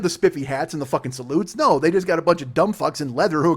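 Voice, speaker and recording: A man in his forties rattles through a profane comedy rant at a quick clip. His voice sits a bit high for a man and swings widely up and down. He rambles and laughs through his own bits as the podcast host. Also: expressive. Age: 40s.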